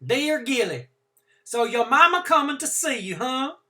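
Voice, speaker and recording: A man voicing a warm, folksy older foster mother who chats fondly in dialect as she writes a letter. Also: very high-pitched, very animated, a little slow, voice pushed up, full character voice. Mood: chatty, fond. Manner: Southern-style dialect, chatty and fond.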